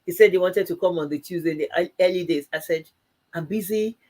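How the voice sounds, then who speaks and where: A woman co-hosting a live church talk show, telling stories in a casual and animated way, laughing often and acting out both sides of each exchange. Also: lowish voice, quick pace. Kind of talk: casual conversational storytelling.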